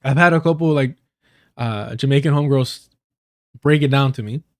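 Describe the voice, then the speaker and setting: A man on a live stream, spinning casual stories from work with plenty of cursing and laughter. His voice sits at an ordinary middle pitch and his talk wanders, doubling back on itself as he goes. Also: moderate pace. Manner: profane, laughs often, loose and rambling. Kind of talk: casual storytelling.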